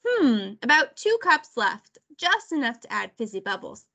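A woman's voice: high voice, very animated, unhurried, gravelly, sharp tone, exaggerated voice. A woman voicing a grumpy, mischievous boy who grumbles and mutters in a storybook read-aloud. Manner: grumbling, bored.

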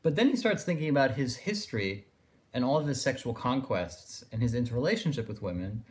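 Male lecturer, discursive and reflective, middle-pitched voice. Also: sing-song, a little fast, darkish tone. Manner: discursive, thinking aloud with fillers like "in a sense". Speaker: philosophy lecturer. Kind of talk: recorded lecture.

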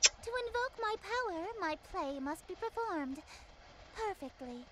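A woman's voice: very high-pitched, expressive, measured pace, very noisy. A woman voicing a haughty, wealthy female goddess in a game, pompous and grand. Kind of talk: game dialogue.

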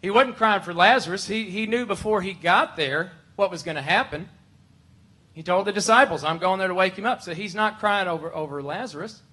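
A worship pastor preaching a conversational, emphatic sermon full of rhetorical questions. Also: male voice, high-pitched, a little fast, breathy edge. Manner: emphatic, shifts to loud pleading when voicing Martha.

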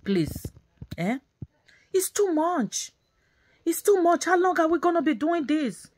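An angry, bitter woman vlogger rants in a voice that sits extremely high and swings widely in pitch, yet moves at a measured pace with a darkish tone. She scolds in repeated phrases and keeps slipping into Nigerian Pidgin.

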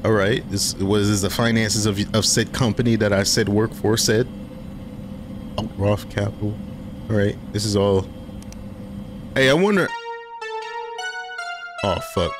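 A young man hosting a casual horror game let's play, talking in loose slang and getting jumpy and excitable when startled. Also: lowish voice, unhurried, pauses often, music in the background. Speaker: gaming channel host.

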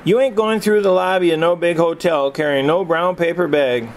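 A man's voice: on the high side, normal speed, slight background noise, pitched above the performer's own voice, natural voice. A man voicing a proud, commanding older brother who talks in a firm, folksy way. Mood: insistent.

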